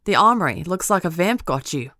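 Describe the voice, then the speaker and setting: A woman's voice: lowish voice, lively intonation, brisk, sharp tone, dry recording, clean studio sound. A woman voicing a brash, casual young witch fighter with an Australian accent in an audiobook. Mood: breezy. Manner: breezy, offhand and teasing. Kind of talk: audiobook character voice.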